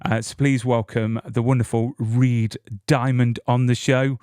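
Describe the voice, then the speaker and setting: A man's voice: mid-range voice, little pitch movement, measured pace, a little mellow, clean tone, dry recording, studio quality. A man hosting a podcast, introducing guests in an upbeat, effusive way. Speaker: podcast host. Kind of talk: casual interview chat.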